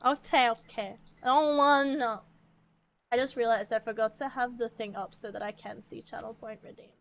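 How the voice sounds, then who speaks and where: A woman's voice: fairly high pitch, fairly even intonation, normal speed. An Australian woman streaming a game, chatting casually, swearing freely and laughing often.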